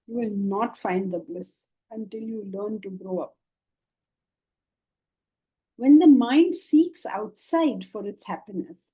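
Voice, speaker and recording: A middle-aged woman teaching spiritual philosophy to a class, lively and often questioning her listeners. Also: fairly high pitch, breathy edge, rough recording. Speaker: Vedanta teacher. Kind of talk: spiritual lecture.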